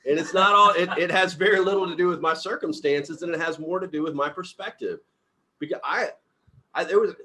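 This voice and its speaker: A middle-aged man leading a team meeting as company CEO, giving a casual motivational talk and acting out the dialogue in his personal stories with upbeat energy. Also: on the high side. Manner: upbeat, animated storyteller who acts out dialogue.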